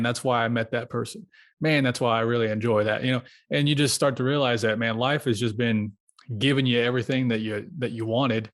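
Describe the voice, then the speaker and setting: Calm, heartfelt man as podcast guest. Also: medium pitch. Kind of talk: casual podcast conversation.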